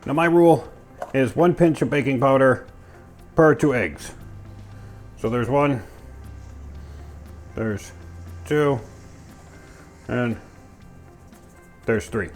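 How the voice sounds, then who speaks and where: Taking it slowly and pausing often, a man with a medium-pitched, slightly mellow voice walks through his home cooking step by step. His talk is chatty and goofy, full of playful sound words. Underneath, music is clearly audible, along with clattering pans.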